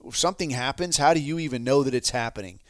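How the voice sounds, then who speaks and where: A man's voice: mid-range voice, fast talker, no room sound. Male podcast host, heated profane rant delivery, mid-range voice, dry room. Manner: heated, swearing constantly, sarcastic asides.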